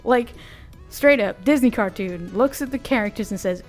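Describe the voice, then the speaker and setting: A woman giving a casual, animated recap of a cartoon while she draws, slangy and amused. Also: fairly high pitch, normal speed, faint music behind. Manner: animated, amused, often laughing; slangy, conversational. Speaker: video creator.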